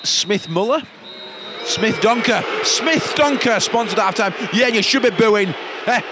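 Excitable man, football podcast co-host. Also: high voice, noisy background. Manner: excitable, quick to react and exclaim. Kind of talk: casual football podcast chat from the stands. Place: football stadium stands, outdoors.

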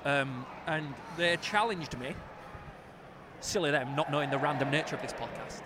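A man co-hosting a football podcast, bantering in an excitable, jokey way from a stadium press box. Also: fairly high pitch, moderate pace, background noise. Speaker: podcast co-host. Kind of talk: casual football podcast chat.

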